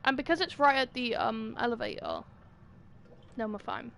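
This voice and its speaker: A woman's voice: a little high, huge pitch swings, moderate pace, a bit bright, a little hiss or hum. A young British woman livestreaming a game, chatting and pleading with the characters in an exasperated way. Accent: British English. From Britain. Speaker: streamer. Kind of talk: gaming commentary.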